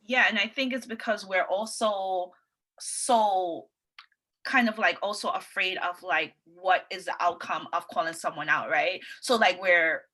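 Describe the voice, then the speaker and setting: A woman's voice: lowish voice, fairly even intonation, measured pace, pushed and bright. A woman speaking earnestly and reflectively in a casual panel discussion.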